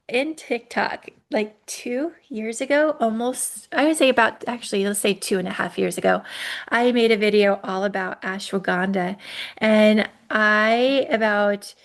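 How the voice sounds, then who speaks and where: A woman hosting a casual herbal podcast, chatty and hedging, with frequent ums and self-corrections. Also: medium pitch. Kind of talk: casual solo podcast talk.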